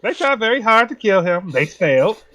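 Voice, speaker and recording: Slow, grave male game master. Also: sits high, big pitch swings, a bit bright. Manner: slow, grave pronouncements in character. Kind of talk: narrating and voicing a tabletop game.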